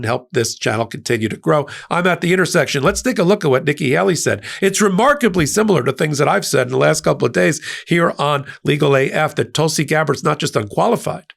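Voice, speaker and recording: This male host of a legal-political channel speaks in a creaky, fairly bright voice. His solo commentary is forceful and contemptuous, full of broad pitch jumps.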